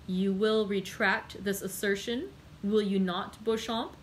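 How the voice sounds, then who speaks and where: A proud young nobleman from a storybook, demanding and clipped, as a woman reads him aloud. His delivery is sharp and insistent, at a middling pitch. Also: steady tone, unhurried, slight background noise, natural voice. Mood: indignant.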